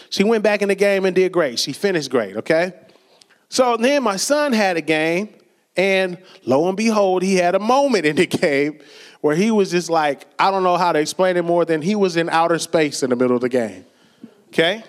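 High-voiced preacher telling stories. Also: male voice, animated, moderate pace. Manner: conversational storytelling with laughs and acted quotes. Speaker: pastor. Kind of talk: sermon.

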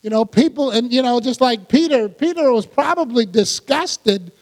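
A man preaching a sermon as pastor, animated and laughing often as he acts out quoted lines. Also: extremely high pitch, normal speed. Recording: long hall reverb.

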